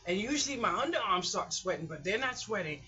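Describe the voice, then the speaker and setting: A woman's voice: medium pitch, fast, dull audio, slight background noise. Chatty woman vlogging at home. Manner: rambling and chatty, animated storytelling with laughs. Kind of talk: casual chat. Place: hot apartment room at home.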